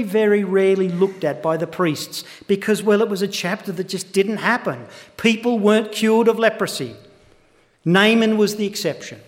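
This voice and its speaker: A man preaching a sermon to his congregation, earnest and building to impassioned emphasis. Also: high-pitched. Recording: long hall reverb.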